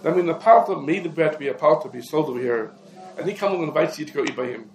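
A man teaching a lecture on Jewish law, explaining rapidly and peppering his English with Hebrew legal terms. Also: on the high side, lively intonation, darkish tone, slight background noise. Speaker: rabbi teaching a class. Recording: echoey room.

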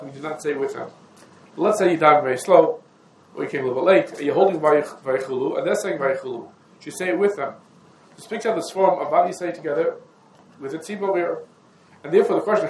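A man giving a halachic lesson, talking through the sources in a meandering, conversational way and mixing in Hebrew and Yiddish terms. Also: on the high side. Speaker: Torah teacher. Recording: echoey room with faint ambient noise.

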